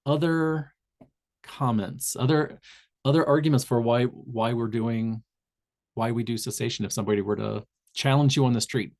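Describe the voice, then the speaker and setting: A man's voice: mid-range voice, normal speed, darkish tone. A man with a Southern Indiana accent, a public health trainer speaking on a video call webinar, talking loosely with many fillers and restarts. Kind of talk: webinar presentation.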